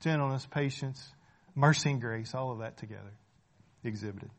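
A man's voice: mid-range voice, normal speed. A man preaching a sermon in a conversational way, asking rhetorical questions, checking in with the listeners and repeating phrases for emphasis.

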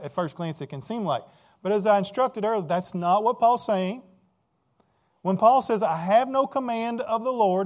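Pastor, male, slightly high voice; emphatic expository preaching with rhetorical questions. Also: a little mellow. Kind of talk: expository sermon.

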